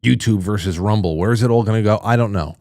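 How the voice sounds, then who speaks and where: A man's voice: fairly low pitch, quick pace, a little mellow, no room sound, studio quality. A man hosting a call-in show, reading viewer messages aloud in a chatty, jokey way and reacting with surprise. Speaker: radio show host.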